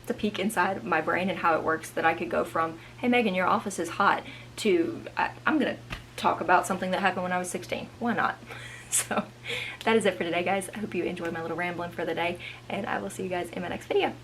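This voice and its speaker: Chatty woman around thirty, lowish voice. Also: fast talker, slight background noise, rough recording. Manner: chatty, animated, drifting between asides. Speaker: vlogger. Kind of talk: casual storytime monologue. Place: indoors at home.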